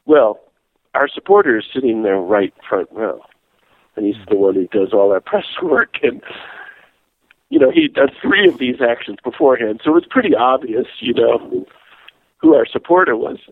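A man telling a lively story in a casual interview, laughing as he goes. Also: mid-range voice, normal speed, no echo. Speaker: guest, peace activist and priest. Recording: tinny phone-like line.

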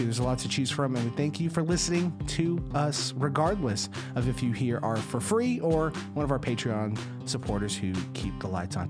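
A man hosts a podcast and tells a long story in a casual way, with a pitch that swoops widely from line to line. He acts out the people in his story. He speaks as a school administrator.

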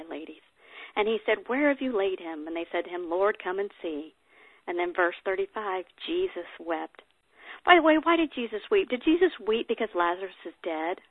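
A woman's voice: mid-range voice, no room sound. A woman speaker at a women's workshop, teaching the Bible in a chatty way, reading passages aloud and adding personal asides. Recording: tinny, dry phone-like sound.

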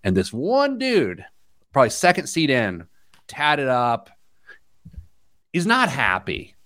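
American man, podcast host, lively swooping pitch, dry close sound, self-mocking storyteller. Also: slow, no echo. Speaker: youth soccer coach. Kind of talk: casual storytelling chat.

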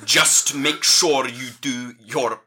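A man's voice: medium pitch, takes it slowly, heavy background noise, voice pushed up, lightly acted. A man voicing a pious, menacing male dwarf prison warden with a Welsh accent, falsely fatherly and theatrical. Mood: unctuous.

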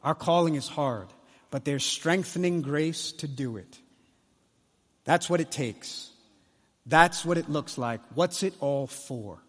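Impassioned preacher man, high voice. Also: slow pace. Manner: impassioned, swings from hushed to loud. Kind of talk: conference sermon. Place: large conference hall. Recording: long hall reverb.

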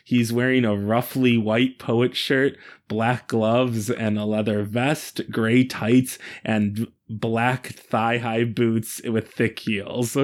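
A man runs a tabletop game, describing each scene slowly and with care. His voice sits at a middle pitch, and he pauses often with filler words. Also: little pitch movement. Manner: hesitant, with many fillers. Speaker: game master.

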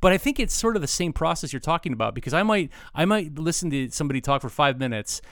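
A man's voice: a little high, expressive, fast talker, fairly bright tone, no room sound, clean studio sound. A man hosting a podcast interview, chatting in a joking, self-deprecating way.

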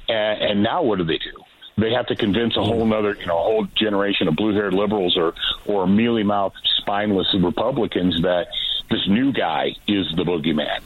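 A man's voice: fairly low pitch, slightly rough. A man calling into a talk radio show as a guest firearms trainer, blunt, combative and emphatic. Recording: tinny phone line.

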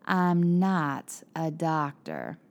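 A woman's voice: low voice, very animated, drawn-out words, gravelly, darkish tone, muffled recording, heavily acted. Woman reading an evasive, defensive man. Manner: defensive, hedging replies. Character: defensive, evasive adult male neighbor.

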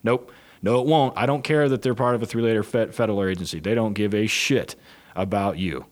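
Blunt, profane man, fairly low voice. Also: a little fast. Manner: blunt, profane, animated storytelling. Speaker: police dog handler trainer. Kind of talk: casual podcast chat.

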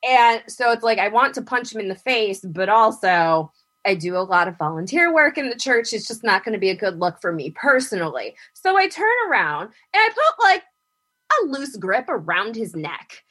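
A woman's voice: moderate pace, slightly rough. A woman telling a dream story in a casual chat, acting out what people said with big jumps in her voice and laughing often. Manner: animated, acts out quotes with big pitch jumps, laughs often.

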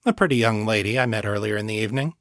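A man's voice: lowish voice, very fast, a bit bright, no room sound, studio quality, lightly acted. A man voicing a cocky male incubus who drawls and mocks his questioner. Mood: smug. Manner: drawling, mocking.

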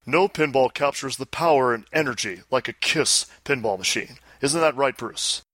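A man's voice: medium pitch, moderate pace, fairly bright tone, no echo, lightly acted. A man putting on a boastful, pompous rock star impression on a podcast.

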